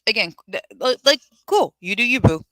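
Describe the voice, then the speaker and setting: A woman's voice: a little high, very animated, normal speed, bright, forceful tone, no echo, rough recording. A woman hosting a live firearms channel, giving casual commentary in a blunt, sarcastic way, swearing freely and answering viewers' comments. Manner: chatty, reads viewer comments aloud.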